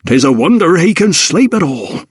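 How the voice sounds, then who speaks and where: A man's voice: on the high side, sing-song, normal speed, slightly rough, no echo, clean studio sound, pitched above the performer's own voice. Male narrator as a smug working servant, a touch raised, muttering and teasing. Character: broad-shouldered male servant, sooty, smug.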